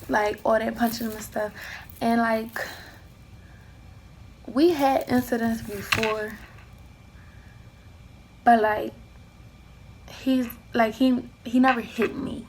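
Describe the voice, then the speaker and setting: A young woman recounting a personal story to the camera in a casual vlog, her voice slightly high with a gravelly edge. She acts out both sides of the argument as she goes. A faint hiss of background noise runs underneath. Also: fairly bright tone, low-quality recording. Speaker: vlogger.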